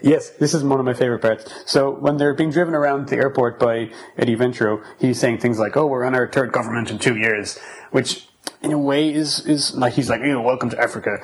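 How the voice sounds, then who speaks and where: A man's voice: mid-range voice, brisk, rough recording. Chatty man retelling a movie. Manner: animated retelling with quoted lines. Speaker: podcast co-host. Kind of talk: casual film review chat.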